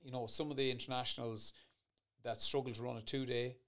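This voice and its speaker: A man's voice: medium pitch, flat delivery, fairly bright tone. A man co-hosting a casual rally chat, telling self-deprecating stories from his own driving days. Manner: anecdotal, self-deprecating, quick to laugh. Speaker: podcast co-host and former rally driver.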